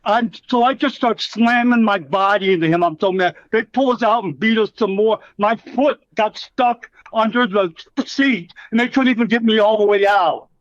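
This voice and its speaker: A man's voice: sits high, moderate pace, hardly any pauses, no echo. A middle-aged man, a former wrestler, telling rambling, profanity-laced stories in a casual interview and acting out what others said. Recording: slightly dull, dry recording.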